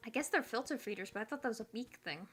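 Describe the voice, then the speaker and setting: Bright-voiced young woman streamer thinking aloud. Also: on the high side, animated, very fast. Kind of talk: casual gameplay commentary.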